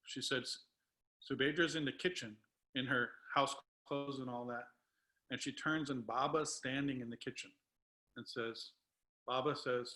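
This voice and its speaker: Man, bright voice, heartfelt storytelling, video call. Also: medium pitch, fairly even intonation, normal speed, low-quality recording. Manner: emotional, tearful at times. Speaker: guest speaker.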